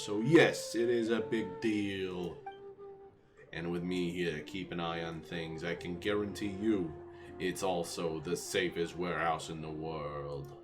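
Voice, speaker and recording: A man voicing a boastful tough-guy warehouse guard in a video game, with a put-on Italian-American gangster accent and a threatening, bragging manner. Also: deep voice. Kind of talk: reading game dialogue aloud. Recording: game music behind. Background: video game music.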